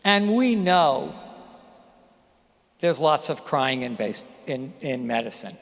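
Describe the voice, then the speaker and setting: A man's voice: medium pitch, lively intonation, slow pace. Man giving a graduation speech in a hall. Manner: storytelling, addresses audience directly with questions. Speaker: commencement speaker. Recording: reverberant hall.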